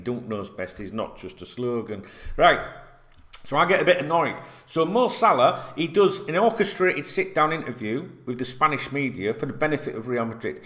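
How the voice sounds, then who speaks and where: A man ranting about football as a fan vlogger, animated, sarcastic and swearing freely. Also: lowish voice. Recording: roomy echo.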